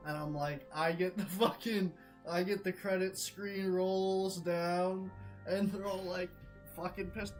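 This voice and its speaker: A young male streamer retelling a multiplayer game mishap in an animated, laughing way, swearing constantly. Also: sits high, slow pace, soft background music, rough recording. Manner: excitable, swears constantly, laughs between lines. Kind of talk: animated gaming story retelling.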